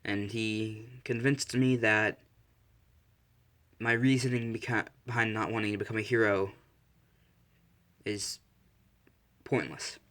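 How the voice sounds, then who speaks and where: Man as a gentle, hesitant teenage boy, low and quiet. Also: steady tone, slow pace, long pauses. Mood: earnest. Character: shy teenage boy, gentle hero hopeful.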